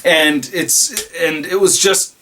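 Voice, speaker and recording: A man who reviews toys online, excitedly telling a rambling story in a casual vlog. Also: on the high side, takes it slowly, slight background noise. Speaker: toy reviewer and YouTuber.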